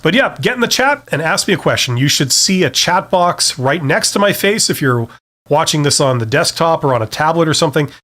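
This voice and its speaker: A man's voice: a little high, sing-song, brisk, a bit bright. A middle-aged man from Canada hosting a live-stream Q&A, talking casually with many fillers and self-deprecating asides. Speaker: host.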